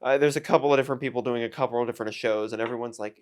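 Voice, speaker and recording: A man's voice: mid-range voice, steady tone, quick pace, few pauses. Rambling self-mocking guy. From United States. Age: 20s. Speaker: YouTuber and streamer. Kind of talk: casual vlog rant to camera.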